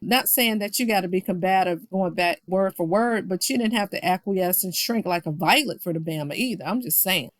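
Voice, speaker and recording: A woman's voice: lowish voice, fairly quick, hardly any pauses, no room sound. Chatty woman recapping a reality show. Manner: chatty, quotes people with playful voice swings; talks straight to viewers. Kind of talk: casual recap commentary.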